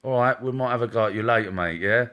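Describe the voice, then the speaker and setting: A man's voice: mid-range voice, fast talker, dull audio. A man hosting a live stream as a psychic medium, chatting casually and greeting viewers one by one by name in a chummy way. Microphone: wearing headphones.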